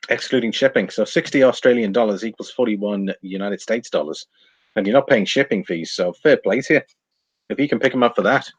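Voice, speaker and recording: A man's voice: on the low side, fairly quick, husky, no room sound. Chatty man hosting a livestream. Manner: chatty, thinks aloud, reads out figures. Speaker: livestream host reading viewer chat. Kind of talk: casual live commentary.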